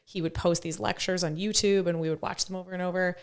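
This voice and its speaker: Brief: hoarse middle-aged woman, chatty podcast co-host, lowish voice. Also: steady tone, quick pace. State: hoarse, recovering from lost voice. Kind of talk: casual podcast chat.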